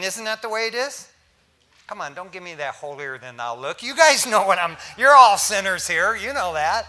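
An older man, a pastor, preaching a sermon in a lively, joking way to his congregation. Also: high-pitched.

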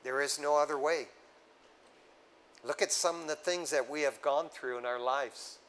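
A male pastor delivering a sermon with a slightly higher voice. He preaches in a relaxed, street-casual way and keeps calling his listeners "man." He rises into loud, urgent exhortation, then drops to low, hushed tones. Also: normal speed, rough recording.

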